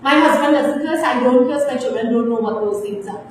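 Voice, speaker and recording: A woman's voice: on the high side, brisk. A middle-aged woman teacher with a Trinidadian accent lecturing her class in a stern, scolding way, ending her points with tag questions. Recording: echoey room, distant, faint hiss.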